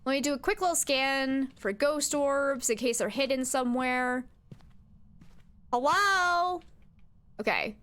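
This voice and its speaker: A woman's voice: high voice, fairly even intonation, moderate pace, few pauses, clean tone. A young woman streaming a horror game, chatting to her viewers and talking back to the ghost with jumpy outbursts. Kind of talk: live game commentary.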